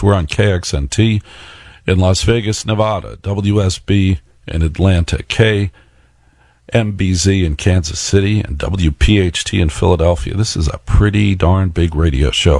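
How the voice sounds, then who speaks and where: A man's voice: deep voice, a little mellow, dry recording, studio quality. A man hosting a radio talk show, telling a story and asking listeners rhetorical questions. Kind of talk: radio monologue.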